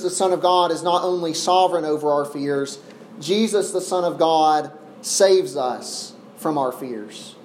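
A man preaching an expository sermon, earnest, slowing down and pausing to press each point. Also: fairly high pitch, a little mellow. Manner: earnest, with deliberate slow pauses for emphasis. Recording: echoey room with faint ambient noise.

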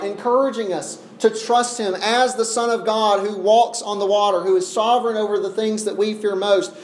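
A man preaching an expository sermon, earnest, slowing down and pausing to press each point. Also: sits high, a little mellow. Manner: earnest, with deliberate slow pauses for emphasis. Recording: echoey room with faint ambient noise.

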